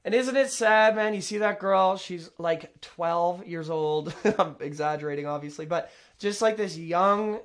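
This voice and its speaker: A man with a higher-than-usual voice talks over a clip in a loose, rambling way. He interrupts himself, backtracks and drops sarcastic asides. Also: measured pace, few pauses. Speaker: commentator reacting to a video. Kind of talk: casual reaction commentary.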